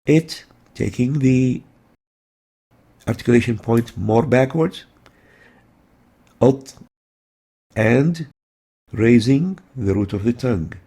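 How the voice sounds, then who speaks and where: A man's voice: medium pitch, expressive, takes it slowly, long pauses, mellow, husky. A man teaching letter pronunciation in a methodical way, repeating each sound several times for practice. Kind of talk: instructional lesson.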